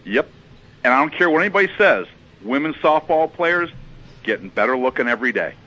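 A man's voice: medium pitch, sing-song, a little fast, bright, forceful tone. A man calling in to a radio show, rambling with many fillers and hesitations. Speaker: phone-in caller. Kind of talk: casual call-in chat. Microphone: telephone. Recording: muffled lo-fi phone line.

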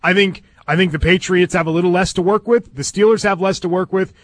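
A man's voice: high-pitched, steady tone, a little fast, dry recording. Blunt man co-hosting sports radio. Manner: blunt, opinionated. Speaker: radio co-host. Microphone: studio microphone.

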